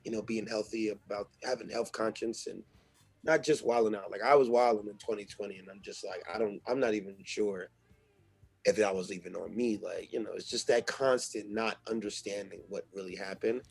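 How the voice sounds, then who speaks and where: Husky slangy man in casual chat. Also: fairly low pitch, brisk, no echo, faint music behind. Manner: loose, slangy and animated. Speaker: guest.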